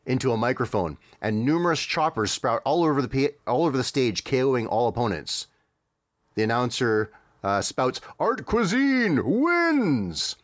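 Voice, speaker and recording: A man's voice: medium pitch, moderate pace, no room sound, clean studio sound. A man co-hosting a podcast in casual chat, describing a video clip in a wry, chuckling way with frequent fillers. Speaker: podcast co-host.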